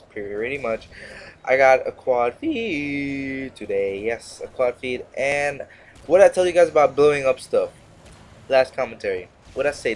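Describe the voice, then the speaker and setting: Rambling, sarcastic young male gamer. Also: mid-range voice. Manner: rambling, sarcastic, self-interrupting. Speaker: gaming commentator. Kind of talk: casual gameplay commentary.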